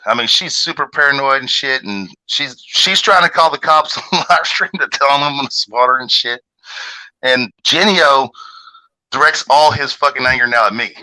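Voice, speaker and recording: A man hosting a livestream panel, telling a long story in casual, profane talk and jumping up in pitch when he gets outraged. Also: moderate pace, poor audio. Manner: animated, swings pitch up sharply when outraged.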